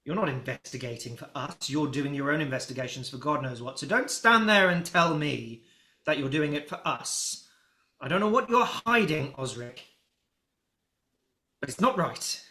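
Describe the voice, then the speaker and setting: A man voicing an angry, gruff dockmaster who blusters and accuses. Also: on the high side, expressive, normal speed, bright, forceful tone. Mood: accusing. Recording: roomy echo.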